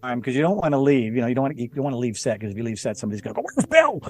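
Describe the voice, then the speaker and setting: A man's voice: mid-range voice, rapid-fire, soft background music. A man telling a story as a podcast guest in a casual chat, often laughing and acting out the people he quotes. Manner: animated, laughing, jumps into quoted voices. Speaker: podcast guest, former stuntman.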